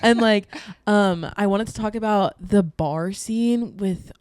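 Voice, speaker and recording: A woman's voice: medium pitch, slow, a little mellow, no echo, clean studio sound. A woman in her twenties co-hosting a podcast, chatting casually with frequent laughs. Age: 20s. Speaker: podcast co-host. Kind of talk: casual chat.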